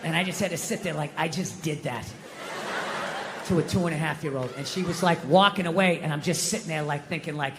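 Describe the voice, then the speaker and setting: A man's voice: high-pitched, fairly quick, sharp tone, slight background noise. Ranting, profane middle-aged male comic. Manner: profane, ranting, self-deprecating. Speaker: stand-up comedian. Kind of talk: stand-up comedy routine. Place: comedy stage before a live audience. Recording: live venue with long reverb.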